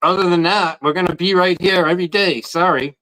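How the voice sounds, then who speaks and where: Bright-voiced man, rambling. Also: high-pitched, steady tone, a little fast, low-quality recording. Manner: rambling, repeats words when starting sentences. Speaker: guest protester. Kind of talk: casual podcast chat.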